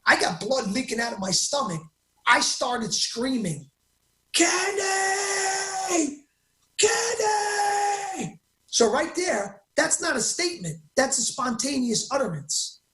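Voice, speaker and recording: A man as an interview guest, telling his story in an excitable, emphatic way and often cutting himself off mid-sentence. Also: very high-pitched, normal speed, echoey room.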